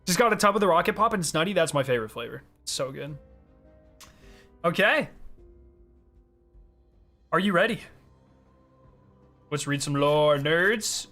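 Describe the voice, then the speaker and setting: Hyped young guy streaming, bright high voice, talking to chat w/ faint music behind. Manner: excitable, reads chat aloud and answers. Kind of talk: casual live-stream chat.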